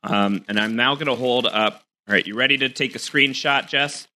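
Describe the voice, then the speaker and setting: A man's voice: mid-range voice, moderate pace, sharp tone. A man co-hosting a podcast over a video call, chatting casually through a snack taste test and thinking aloud with lots of fillers. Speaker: podcast co-host.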